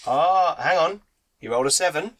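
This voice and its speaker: A man's voice: a little high, crowd noise. A man running a tabletop fantasy game as game master, reading out rolls and rules and laughing often. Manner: lively, quick to laugh, reads out rolls and rules. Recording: noisy home mic with clicks.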